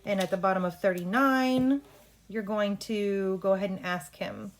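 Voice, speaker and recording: A woman coaching an actor through a play rehearsal in a brisk, instructive way, talking through cues and line readings. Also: mid-range voice, steady tone. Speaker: drama coach.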